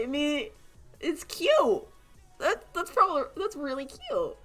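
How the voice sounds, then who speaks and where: A woman's voice: sits high, very animated, a little slow, bright, forceful tone, faint music behind. Giggly, sarcastic young woman streamer. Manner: giggly, sarcastic, laughs often; acts out quoted voices. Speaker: streamer chatting while drawing. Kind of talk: casual livestream chat.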